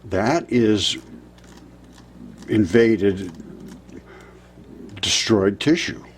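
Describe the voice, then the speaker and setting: A man in his seventies narrating over a map, insistent, rebutting doubters and jumping up in pitch when pointing things out. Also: expressive, very slow. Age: 70s. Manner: insistent, rebutting imagined objections. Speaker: presenter of a fringe geology channel.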